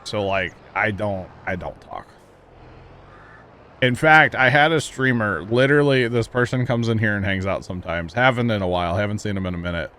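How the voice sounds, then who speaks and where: A man's voice: lowish voice, moderate pace, bright, forceful tone, a little hiss or hum. A man livestreaming a farming game, talking casually and rambling to his chat, chuckling often. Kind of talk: casual chat while playing.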